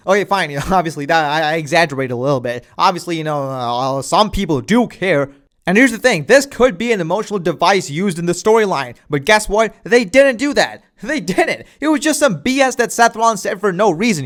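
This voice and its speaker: A man's voice: high-pitched, lively intonation, a little fast, a bit bright. A man giving casual wrestling commentary, rambling with lots of filler phrases.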